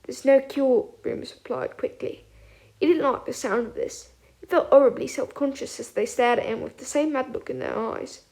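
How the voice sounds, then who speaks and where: A woman reading a fan audiobook aloud with expressive storytelling. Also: sits high, normal speed, gravelly. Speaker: audiobook reader.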